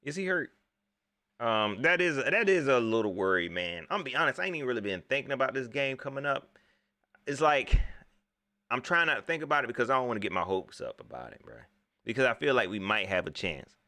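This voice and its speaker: A man, hosting a casual live sports talk show, animated and talking straight to his viewers as he reads their chat. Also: medium pitch, a little fast, no echo. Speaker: sports talk livestream host.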